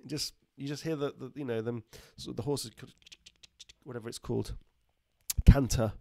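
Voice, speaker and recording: A man's voice: mid-range voice, fairly even intonation, normal speed, gravelly, darkish tone, dry recording, clean studio sound. A middle-aged man, a doctor hosting a casual livestream, chatting loosely, laughing often and reading out viewer comments. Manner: chatty, laughs often, slips into joke accents.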